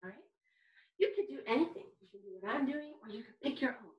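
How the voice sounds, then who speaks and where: A woman's voice: high-pitched, expressive, quick pace, highs cut off. A woman teaching an online kindergarten music lesson, encouraging and singsong as she chants rhythms.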